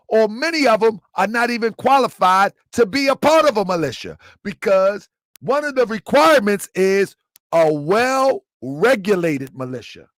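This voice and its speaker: A man's voice: sits high, fairly bright tone, no echo. A man hosting a live commentary, talking emphatically, repeating his points and quizzing his listeners. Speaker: commentary channel host.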